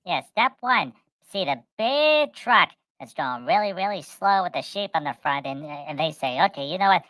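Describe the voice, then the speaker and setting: A middle-aged woman telling a long, rambling story in casual chat. Her voice is fairly low but bright and forward. The sound is dry and close. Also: moderate pace, dry recording, rough recording. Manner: rambling, animated, acts out voices. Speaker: co-host.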